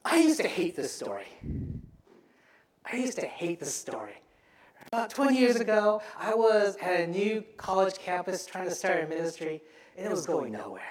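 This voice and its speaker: Telling the story through lively acted-out voices, a man preaching as pastor keeps making asides to his congregation. His voice sits high in a reverberant space.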